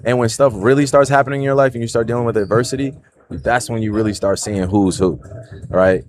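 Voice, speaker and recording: A man's voice: medium pitch, fairly even intonation, fairly quick. A man in his thirties with a New Jersey accent, talking to viewers on his livestream in an earnest, reflective way and often checking in with "right?" and "you know". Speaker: livestream host. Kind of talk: casual reflective monologue.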